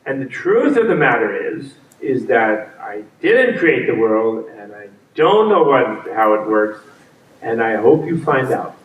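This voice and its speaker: A man's voice: medium pitch, very animated, a little slow, phone-quality sound, voice pushed down. A man voicing a frank, weary male creator god who admits he is unsure of himself, in a confiding, apologetic, joking way, heard from a distance in a roomy space.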